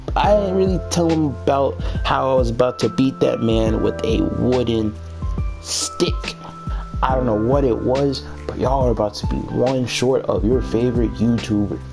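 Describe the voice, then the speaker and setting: A man's voice: medium pitch, moderate pace, over music. A man telling a dramatic, joking story as a storytime vlogger. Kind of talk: animated storytime narration.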